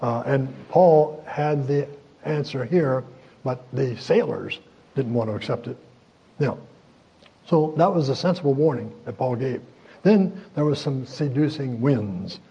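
A man preaching a sermon in a folksy, chuckling way, with many pauses and fillers. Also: mid-range voice, dark tone, slightly rough, highs cut off.

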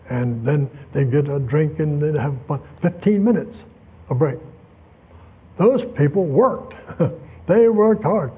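A man's voice: a little high, takes it slowly, pauses often, husky, highs cut off. An older man teaching a Bible lesson in a folksy, conversational way, full of asides and personal anecdotes. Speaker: preacher.

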